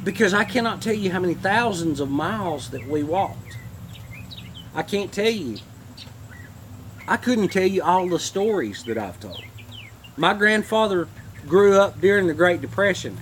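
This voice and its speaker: A man's voice: on the high side, a bit bright, slight background noise. A man hosting a homesteading channel, telling rambling, heartfelt stories in a casual livestream.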